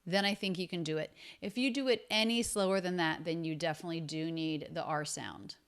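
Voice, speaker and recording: A woman teaching English pronunciation, explaining each sound slowly and repeating words to demonstrate them. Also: on the low side, background noise. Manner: slow and deliberate, repeats sounds to show them. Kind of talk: explaining pronunciation from a film clip.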